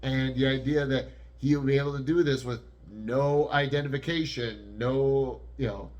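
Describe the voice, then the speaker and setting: A man's voice: medium pitch, fairly even intonation, normal speed, a little mellow, muffled recording. A young man co-hosting a podcast, rambling and correcting himself as he chats casually. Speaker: podcast co-host.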